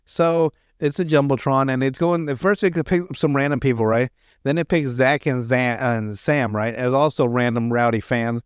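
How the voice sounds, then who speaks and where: A man's voice: medium pitch, fairly even intonation, normal speed, clean tone, no echo. A man hosting a podcast, retelling comedy sketches in casual chat, rambling and profane, with lots of restarts. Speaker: podcast host.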